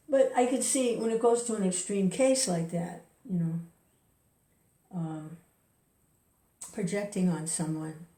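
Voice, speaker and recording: A woman who rambles and chuckles through a casual spoken reflection, chanting softly between her thoughts. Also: lowish voice. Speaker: devotee sharing reflections. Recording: roomy distant recording.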